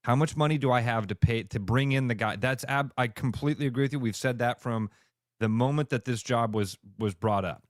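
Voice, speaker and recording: A man's voice: mid-range voice, brisk, dry recording, studio quality. Emphatic, blunt radio co-host man. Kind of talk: heated sports talk. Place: radio studio.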